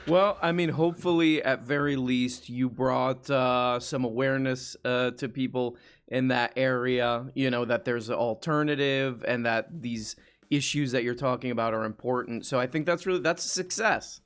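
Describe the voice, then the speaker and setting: Male live-show host, loose and joking, mid-pitched. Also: steady tone, moderate pace, clean tone. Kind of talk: casual chat.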